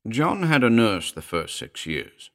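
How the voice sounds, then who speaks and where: A man voicing a smooth, condescending middle-aged gentleman in an audiobook drama, speaking in an unctuous, soothing way. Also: mid-range voice, wildly swooping pitch, measured pace, voice pushed up, exaggerated voice.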